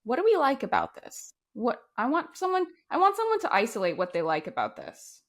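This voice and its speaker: A woman co-hosting a casual podcast chat, talking in a wry, mocking and expressive way. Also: fairly high pitch, fairly quick. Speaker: podcast co-host.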